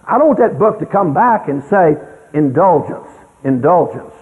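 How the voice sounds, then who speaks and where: Over a tinny lo-fi radio feed with a long reverb tail, a brisk older man with a high, lively voice tells folksy stories about child rearing. He's anecdotal and emphatic, often erupting into sudden loud exclamations.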